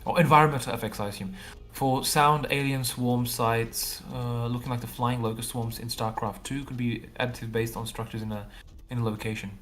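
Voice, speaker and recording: A man's voice: mid-range voice, fairly even intonation, a little fast, a bit bright, soft background music. Rambling man explaining on a livestream. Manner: thinks aloud, rambling with repeated fillers. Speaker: game developer. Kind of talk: casual livestream chat.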